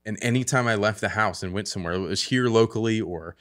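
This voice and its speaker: A man hosting a casual business podcast chat, animated and laughing often, swearing casually. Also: lowish voice, quick pace. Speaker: podcast host.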